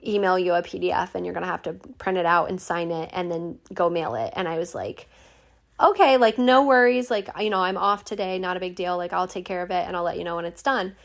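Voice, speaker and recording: A woman's voice: on the low side, steady tone, quick pace, creaky, hardly any pauses. A young woman hosting a podcast, telling a story in a casual, chatty way, swearing freely and full of "like" fillers. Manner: chatty, swears freely, many "like" fillers, acts out quoted voices. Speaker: podcast host.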